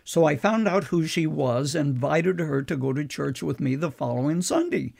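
An older man, a preacher, earnestly recounting a personal story in a measured way. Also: a little high, animated, gravelly, darkish tone.

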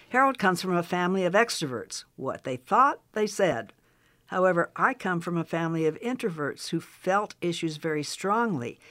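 An older woman, a preacher's wife, calmly reflecting on her own story. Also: on the low side. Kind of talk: recounting a personal story.

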